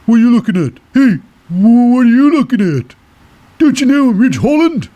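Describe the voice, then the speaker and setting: High, loud, mouthy wrestler spoiling for a fight, played by a man. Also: very animated, moderate pace. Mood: taunting. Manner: loud, taunting questions. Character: brash young male wrestler picking a fight.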